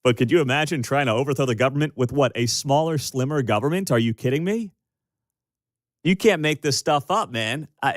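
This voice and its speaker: A man's voice: mid-range voice, fairly bright tone, no echo. A man hosting a radio talk show, giving opinionated commentary in a sarcastic, incredulous manner from a studio microphone.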